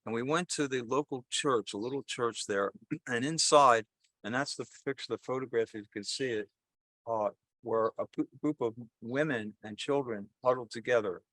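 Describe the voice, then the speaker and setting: An older priest speaks to his congregation in a loose, chatty manner, wandering and correcting himself as he goes. His voice sits at an ordinary pitch. The sound is close and dry. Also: fairly bright tone, no room sound. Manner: conversational, rambling, self-correcting. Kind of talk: sermon with jokes and storytelling.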